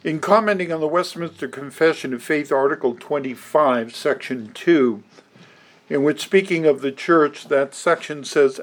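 This pastor's voice is a little high as he preaches to his congregation. His sermon is deliberate and emphatic, with the odd dry remark thrown in.

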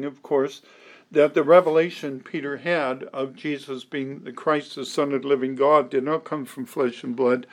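A man preaching an expository sermon, deliberate and emphatic, quoting scripture aloud. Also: on the high side. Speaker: pastor.

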